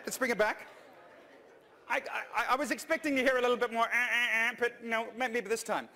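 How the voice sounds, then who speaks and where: A man giving a humorous conference talk, lively and jokey, coaxing the audience along. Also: very high-pitched, brisk. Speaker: conference speaker.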